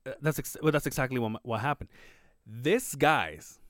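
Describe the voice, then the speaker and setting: A man with a mid-range voice talks at a moderate pace in a dry, clean studio recording. Co-hosting a podcast, this native Spanish speaker relates a work story casually and animatedly, cursing and acting out quotes with a rising voice.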